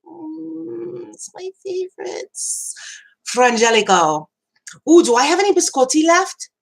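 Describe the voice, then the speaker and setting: A middle-aged woman hosting a casual live chat, animated and laughing, venting with lots of swearing. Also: very high-pitched, takes it slowly, gravelly. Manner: animated, laughing, ranting with profanity. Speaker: host.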